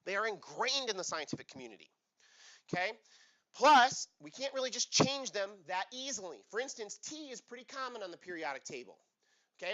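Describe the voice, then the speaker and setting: A man's voice: high voice, a little fast, dull audio. A male chemistry teacher giving a playful classroom lecture and quizzing his students. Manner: playful, animated, asks the class questions.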